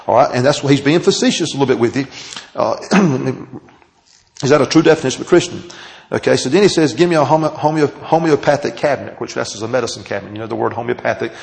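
A man's voice: mid-range voice, lively intonation, vocal fry, rough recording. A man preaching and teaching a Bible class, stretching out key phrases for emphasis and asking his listeners questions. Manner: emphatic, drawn-out phrases, asks the audience questions. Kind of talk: sermon. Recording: taped sermon.

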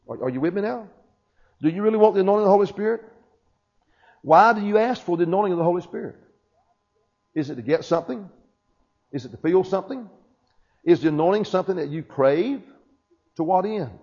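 Heard through a dull, lo-fi church recording, this preacher has a slightly high, breathy voice with a dark tone. He keeps calling out to his congregation with repeated questions and "Amen?" in call-and-response fashion.

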